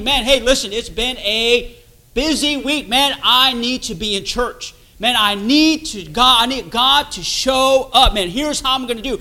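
High, bright-voiced preacher. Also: male voice, unhurried, rough recording. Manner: emphatic, repetitive, conversational preaching. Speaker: pastor. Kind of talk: sermon.

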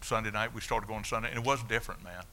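An older man preaching his testimony in a folksy, animated storytelling way. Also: lowish voice, quick pace. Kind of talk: sermon testimony.

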